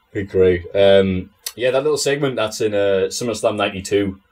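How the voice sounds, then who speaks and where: A man's voice: on the low side, measured pace, darkish tone. A man who is a podcast guest, chatting casually in a sardonic way, swearing and laughing often. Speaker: interview guest.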